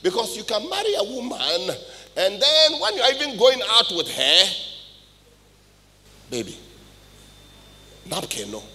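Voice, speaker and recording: A middle-aged Ghanaian man preaching a sermon in church, swinging between loud outbursts and hushed asides. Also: very high-pitched, sing-song, normal speed. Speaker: pastor. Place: church hall with congregation. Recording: live church recording with long reverb.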